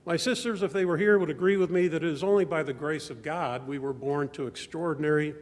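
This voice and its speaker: A man's voice: a little high, fairly even intonation. Older man telling family stories in a church. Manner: measured, reflective storytelling. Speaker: church member giving a stewardship talk. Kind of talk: personal testimony speech. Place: large church sanctuary. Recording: long church reverb.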